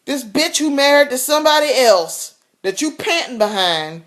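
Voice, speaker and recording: A woman's voice: high voice, big pitch swings, moderate pace, a bit bright. A woman vlogger telling a story in a casual, blunt rant, swearing freely and laughing often.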